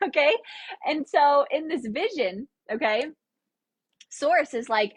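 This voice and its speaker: A young woman hosting a casual live stream as a spiritual teacher, talking in a chatty, animated way and laughing often. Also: high-pitched, moderate pace, slightly rough, no echo. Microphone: headphone mic.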